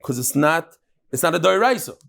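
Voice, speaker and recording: Guy teaching talmud live, pitch jumps all over, a bit high, joking w the crowd. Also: a little fast, creaky. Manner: animated, bantering with listeners; mixes Yiddish and Hebrew terms into his talk.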